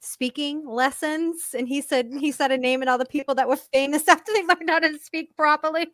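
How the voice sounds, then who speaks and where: A woman's voice: high voice, fairly even intonation, a bit bright, dry recording, studio quality. A woman from Massachusetts with its accent, chatting casually as co-host, laughing often and swearing freely. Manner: laughs often, swears, talks fast in runs. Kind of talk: casual chat.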